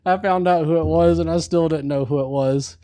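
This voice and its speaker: A man's voice: a little high, fairly even intonation, fairly quick, dark tone, smooth. Laid-back man telling a story. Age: adult with a wife. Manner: laid-back, swears casually, laughs while telling. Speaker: livestream host. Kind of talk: casual storytelling. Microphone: live stream microphone.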